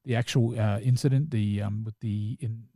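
A man's voice: lowish voice, steady tone, normal speed, mellow, no room sound, clean studio sound. A man with a New Zealand accent, co-hosting a casual chat about films and shows, talking in a rambling, enthusiastic way full of restarts and fillers. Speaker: podcast co-host.

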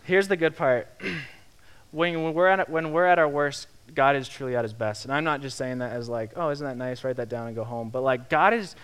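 A young man preaching a sermon in a lively, conversational way, acting out the quotes he tells. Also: medium pitch, fairly quick, smooth. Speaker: pastor.

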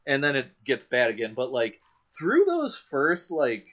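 A man's voice: medium pitch, huge pitch swings, unhurried, a bit bright, highs cut off. A man co-hosting a podcast, bantering dryly and reading book passages aloud. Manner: sardonic, mock-grumpy. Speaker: podcast co-host.

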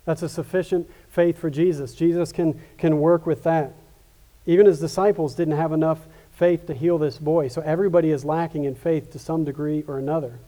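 A male pastor delivers a sermon in an earnest, conversational way, often doubling back on his words. His voice sits a little high for a man. It has a warm, mellow tone. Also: steady tone, brisk. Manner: earnest, with frequent restarts and repetitions.

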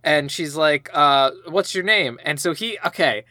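A man's voice: a little slow, bright, forceful tone, no room sound, clean studio sound. A man co-hosting a podcast, casually recapping a film and mimicking its characters. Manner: retells scenes, mimicking characters in a low mumble. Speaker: podcast co-host. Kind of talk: casual movie recap chat.

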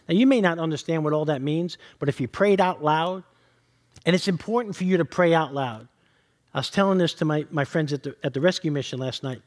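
Earnest preaching man, fairly high voice. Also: a little fast, a little mellow. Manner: earnest teaching with scripture readings and direct questions to listeners. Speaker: pastor. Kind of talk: sermon.

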